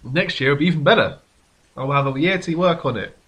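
A man's voice: fairly high pitch, brisk, fairly bright tone, slightly rough. A man co-hosting a casual podcast chat, teasing his friend and often repeating words as he goes. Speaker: podcast co-host.

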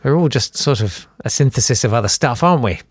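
A man hosting a casual podcast, animated and sardonic, often jumping into high mocking voices. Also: fast talker, slightly rough, no echo, studio quality. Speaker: podcast host. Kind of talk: casual solo podcast chat.

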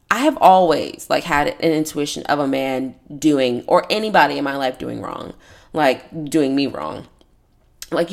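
Young woman podcast host, hoarse and gravelly, low voice, rambling chat. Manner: rambling, many "like" and "um" fillers. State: hoarse, raspy throat. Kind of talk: casual solo podcast chat.

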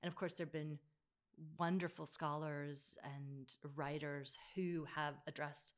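A woman's voice: sits low, fairly even intonation, measured pace. A woman talking through a book in a casual conversation, thoughtful, with frequent fillers and restarts. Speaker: bookshop podcast host.

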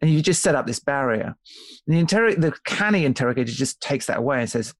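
A male author being interviewed on a podcast works through his ideas with care, frequently starting over and asking "right?" to check in. His medium-pitched voice moves quickly with lively intonation, recorded dry.

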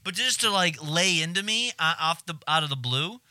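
A man in casual conversation who tells stories animatedly, swears freely and acts out his own shouting. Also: on the high side, lively intonation, moderate pace, no echo. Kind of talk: casual chat.

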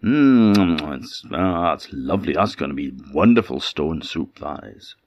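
A man's voice: extremely low pitch, lively intonation, a little slow, darkish tone, no room sound, dull audio, exaggerated voice. A man with an Orkney Scots accent voicing a cunning old beggar who coaxes and wheedles. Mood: coaxing. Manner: wheedling, persuasive, chuckling. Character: cunning old male beggar, coaxing and sly.

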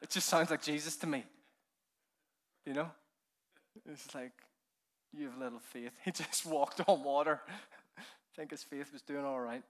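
A man preaching a keynote sermon, telling the story with animated energy, laughing often, sometimes dropping to a hush and then building up with fervor. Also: on the high side, normal speed, pauses often. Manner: laughs often while speaking. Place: conference hall.

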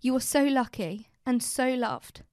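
A British woman co-hosting a podcast, chatting casually and reading a letter aloud in a gentle, reassuring way. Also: on the high side, expressive, measured pace, no echo, studio quality. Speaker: podcast co-host.

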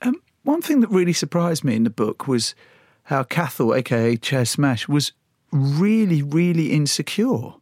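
A man's voice: fairly high pitch, sing-song, normal speed, a little mellow, dry recording, clean studio sound. A man hosting a radio interview, asking friendly, curious questions. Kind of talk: casual interview.

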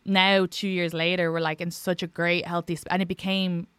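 A young Irish woman hosting a podcast, chatting in an animated way with lots of fillers. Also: lowish voice, normal speed, clean tone, no echo. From Ireland. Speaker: podcast host. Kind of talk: casual podcast chat.

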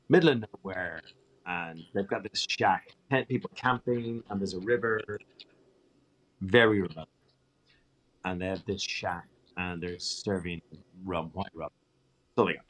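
A man's voice: low voice, a little slow, long pauses, a bit bright. A male TV presenter, a guest on a show, telling a casual story that rambles and often restarts mid-sentence.

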